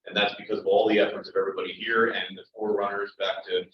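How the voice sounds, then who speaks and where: A low-voiced man rambles through casual small talk. He sits away from the mic in a roomy hall, and the sound is dull with a faint background noise. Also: little pitch movement, very fast. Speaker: township supervisor. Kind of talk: casual chat. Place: township meeting room. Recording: roomy, distant, dull meeting-room audio.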